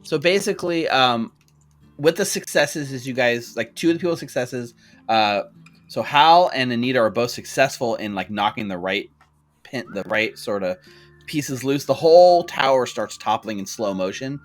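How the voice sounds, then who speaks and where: A man's voice: mid-range voice, expressive, normal speed, faint music behind. A man narrating a tabletop game as game master, loose and full of fillers and restarts.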